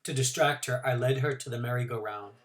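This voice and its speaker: A male teacher reading a novel aloud to his class in an expressive first-person narration with varied pacing. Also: medium pitch, brisk, a little hiss or hum.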